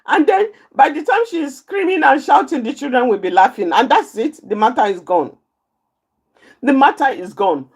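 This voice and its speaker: A woman's voice: sits high, lively intonation, moderate pace, breathy edge. A woman giving a live teaching talk on managing anger, repeating key phrases emphatically and pointing out positions with her hands.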